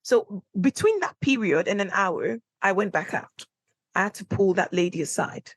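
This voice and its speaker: Brief: woman podcast host, solo, chatty storyteller who acts out quotes with big pitch jumps, dry close mic. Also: animated, moderate pace, no echo. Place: indoor room, recording at home setup.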